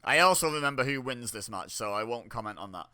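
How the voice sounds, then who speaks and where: A young man with a bright, forward voice talks casually as he watches along, thinking out loud. He reacts openly, breaking into laughs and sudden exclamations between remarks. His pitch sits in an ordinary middle range. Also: expressive, quick pace, smooth. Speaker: wrestling watch-along host.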